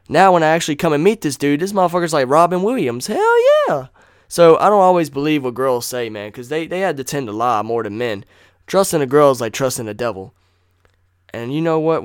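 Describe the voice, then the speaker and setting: A man's voice: on the high side, smooth, no echo, studio quality. A man hosting a solo podcast, ranting in an angry, blunt and profane way. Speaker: podcast host.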